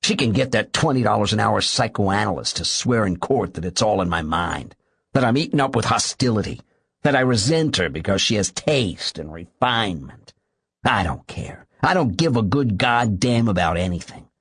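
A man voicing a bitter bedridden man, low and seething. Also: animated, normal speed, a bit bright, husky, no echo, exaggerated voice. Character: bitter bedridden man, furious at his wife.

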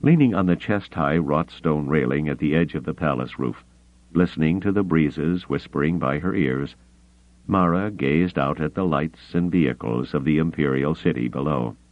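A man narrating a novel as an audiobook, reading dramatically with measured pauses. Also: very deep voice, no room sound. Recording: tinny phone-like audio.

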